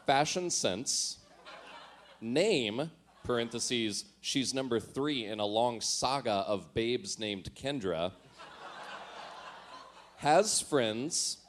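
A man reads entries from his teenage diary aloud for laughs. His voice sits at an ordinary middle pitch. He often breaks off to make fun of what he wrote, and he laughs at himself between entries. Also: lively intonation, drawn-out words, pauses often, slight background noise. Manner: self-mocking, laughs at his own writing. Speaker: storyteller.

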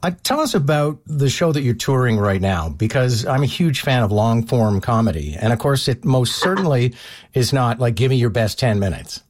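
A man from Canada hosting a broadcast interview. He reads polished introductions and asks his questions in a brisk way. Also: mid-range voice, lively intonation, a little mellow. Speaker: interview host.

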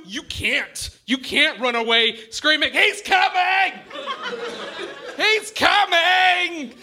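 A man doing a rambling, self-deprecating stand-up set, sometimes dropping to a hushed storytelling voice. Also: very high-pitched. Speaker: stand-up comedian. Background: audience laughter.

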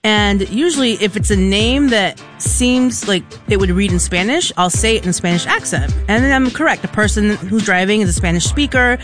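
A radio co-host in casual on-air chat, telling stories in an animated way and acting out the dialogue in them. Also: mid-range voice, moderate pace, few pauses, soft background music. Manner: animated storyteller who acts out dialogue.

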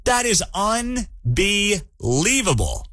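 A man hosting a morning talk radio show, ranting in an animated and incredulous way. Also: high-pitched, slow pace, no echo.

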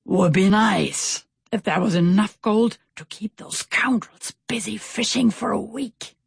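A woman's voice: mid-range voice, unhurried, vocal fry, husky, no echo, clean studio sound, pitched above the performer's own voice, heavily acted. A woman voicing a stout, kindly old male sailor who talks in a hearty, exclamatory way in a storybook reading. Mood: cheerful.

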